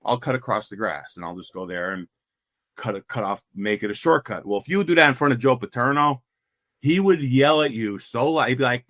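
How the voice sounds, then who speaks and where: A man's voice: medium pitch, lively intonation, brisk, fairly bright tone, no echo, studio quality. A middle-aged man from Pennsylvania, a former player and guest, telling stories casually with many fillers and restarts. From Pennsylvania coal region. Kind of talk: casual storytelling.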